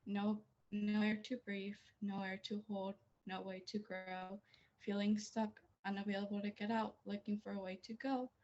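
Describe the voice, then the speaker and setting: Teen girl, tenth grader, nervous hesitant poetry reading, mid pitch, dull lo-fi sound. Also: a little mellow. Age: teens. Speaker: student poet. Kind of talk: reciting her poem.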